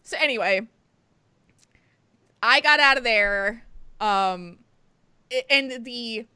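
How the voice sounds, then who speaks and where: A woman co-hosts a podcast, telling a story in casual chat with a fairly high, slow, bright, and forceful voice. She often laughs through it and whispers when quoting others, and the clean, dry studio recording sounds clear.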